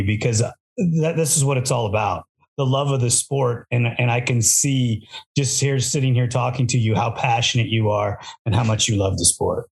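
Middle-aged male interviewer, mid-pitched, relaxed and encouraging. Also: vocal fry. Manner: easygoing, encouraging, with small restarts. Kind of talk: interview questions.

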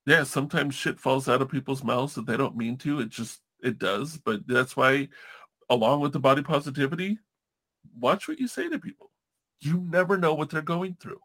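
A man's voice: mid-range voice, expressive, moderate pace, a bit bright. A man hosting a casual podcast chat, talking candidly and profanely, rambling through restarts.

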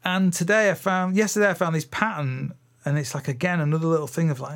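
On his casual solo podcast, a middle-aged drum teacher chats quickly in a fairly high, steady, somewhat bright voice. He rambles and thinks aloud with fillers and restarts, sometimes counting out drum patterns.

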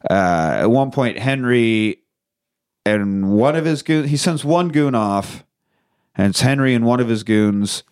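A man's voice: mid-range voice, animated, measured pace, darkish tone, smooth. A man co-hosting a podcast, casually retelling a movie's plot and swearing freely as he goes. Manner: swears freely, acts out characters' lines. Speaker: podcast co-host. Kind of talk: casual movie recap chat.

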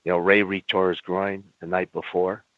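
Older man, very low voice, blunt, swears, re-enacts dialogue, dry thin phone sound. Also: little pitch movement, no room sound, phone-quality sound. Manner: blunt, swears, acts out dialogue in quick back-and-forth. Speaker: guest, former pro wrestler. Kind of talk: candid storytelling in an interview.

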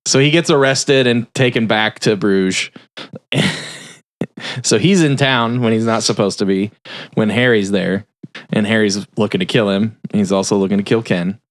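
A man's voice: fairly low pitch, moderate pace, dry recording. A man on a podcast casually retelling a film's plot, swearing freely and rambling with lots of filler words. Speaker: podcast host. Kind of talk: casual film recap.

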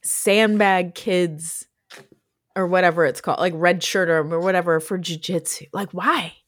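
A woman's voice: lowish voice, fairly even intonation, moderate pace, no echo, clean studio sound. A woman co-hosting a podcast, reacting sympathetically in casual chat and swearing freely. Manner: sympathetic, frequent sighs and swearing. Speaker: podcast co-host.

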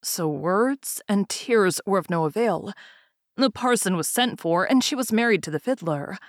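A woman narrating a fairy tale aloud in a calm, even storytelling manner. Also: medium pitch, moderate pace, no echo, studio quality.

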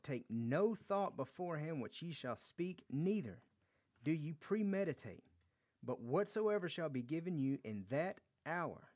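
A man leading a verse-by-verse Bible study, reading scripture aloud and explaining it in a conversational way, often repeating words and restarting phrases. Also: on the high side. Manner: reads scripture aloud, then explains it conversationally with acted quotes. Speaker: Bible teacher.

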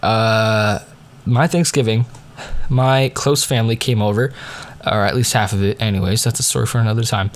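A man's voice: fairly low pitch, fairly even intonation, moderate pace. A teenage boy telling family stories in a casual, rambling monologue full of fillers and digressions. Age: teens. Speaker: diarist.

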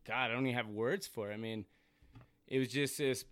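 A man who is a guest on a podcast and a fly fisherman, talking in a relaxed, casual way with many fillers. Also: medium pitch, brisk, no echo. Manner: relaxed, laid-back, lots of fillers like "you know" and "um". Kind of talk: casual chat.

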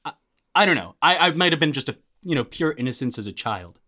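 A young man with a bright, lively voice recounting a tale on a casual podcast. He talks in animated bursts, stacking likes and restarts as he goes. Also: on the high side, fast talker. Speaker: podcast guest. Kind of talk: casual chat, storytelling.

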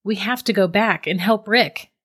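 A woman's voice: mid-range voice, normal speed, fairly bright tone, husky, voice pushed up. A woman voicing a frightened young man in shock, pleading desperately in a storybook reading. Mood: panicked.

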